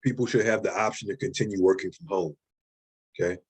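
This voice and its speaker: A man's voice: low voice, fairly even intonation, a little fast, a little mellow, breathy edge. A man in the middle of a classroom lecture on writing, talking in a loose, conversational way. He repeats key questions and keeps checking in with his students, tossing in "right?" and "okay?" as he goes. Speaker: writing instructor.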